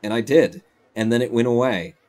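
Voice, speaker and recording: A man's voice: medium pitch, moderate pace, darkish tone. A man chatting casually on a live stream at home, rambling as he tells stories while playing.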